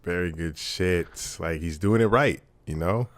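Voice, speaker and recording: A man's voice: low-pitched, a little slow, no room sound. A young man co-hosting a podcast, talking bluntly and profanely in casual chat that turns into heated ranting. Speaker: podcast co-host.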